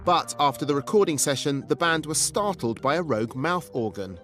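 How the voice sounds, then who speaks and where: A man's voice: fairly high pitch, lively intonation, brisk, a bit bright, soft background music. A man giving scripted documentary narration in a wry, tongue-in-cheek manner.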